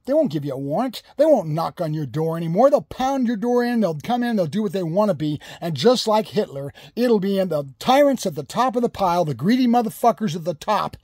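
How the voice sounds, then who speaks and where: A man's voice: sits high, animated, a little fast, few pauses, a little mellow, dry recording, clean studio sound. A man delivering a furious, profane political rant, repeating himself with heated emphasis.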